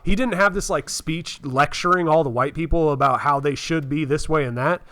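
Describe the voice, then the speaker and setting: A man's voice: fairly high pitch, a bit bright, no echo. A man co-hosting a casual podcast, earnestly making his point and acting out characters' lines. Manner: earnest, quick to agree, acts out character lines. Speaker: podcast co-host.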